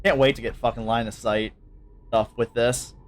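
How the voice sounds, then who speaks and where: A man's voice: mid-range voice, steady tone, normal speed. A man running a tabletop game as game master, narrating casually, laughing often and swearing freely.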